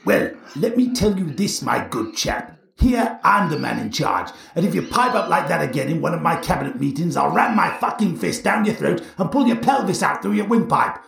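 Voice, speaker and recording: Guy doing a posh blustery prime minister, um-ing and uh-ing, lively up-and-down voice, gravelly, roomy and far off. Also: on the high side, normal speed, few pauses, full character voice. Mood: furious. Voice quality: posh bluster with stammering fillers. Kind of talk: satirical sketch. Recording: roomy, distant, faint noise.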